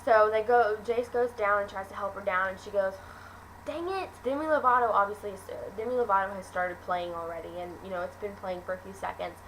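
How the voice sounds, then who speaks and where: A woman's voice: mid-range voice, steady tone, quick pace, few pauses, fairly bright tone, slight background noise, rough recording. Gushing teenage girl rambling about a film. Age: teens. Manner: gushing, rambling with many fillers and restarts. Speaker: vlogger reviewing a film. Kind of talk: casual chatty review.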